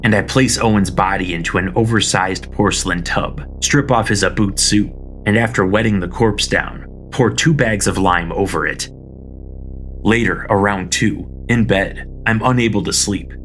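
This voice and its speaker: A man narrating an audiobook chapter in a calm, detached manner. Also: lowish voice, normal speed. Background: faint music.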